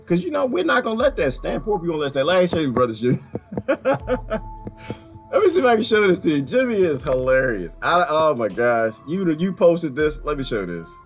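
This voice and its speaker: A man talking casually to his viewers about politics, animated, often breaking into laughter and repeating his phrases. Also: a little high. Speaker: vlogger.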